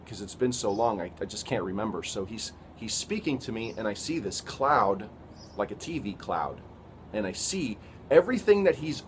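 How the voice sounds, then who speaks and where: A man giving an earnest, halting personal testimony, retelling events with quoted dialogue. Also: mid-range voice, slight background noise.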